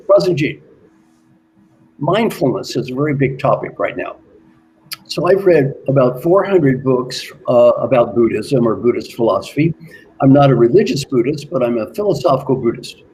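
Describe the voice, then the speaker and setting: Guy coaching people, earnest, keeps repeating his questions slow, mellow voice, faint hiss behind. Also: mid-range voice, poor audio. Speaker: executive coach. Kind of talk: motivational talk.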